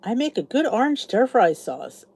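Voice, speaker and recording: A woman's voice: on the high side, big pitch swings, normal speed, a little mellow. A middle-aged woman with a Philadelphia accent, chatting casually with live viewers on her channel and answering their comments in a rambling way. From Philadelphia area. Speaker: YouTube channel host.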